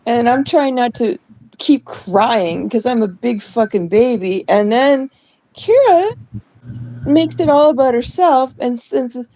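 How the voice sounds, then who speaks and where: A woman's voice: a little high, expressive, unhurried, dark tone, no echo, poor audio. A young adult woman from Canada, co-hosting a podcast, telling a story in casual chat, acting out the voices she quotes and swearing freely. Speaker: podcast co-host.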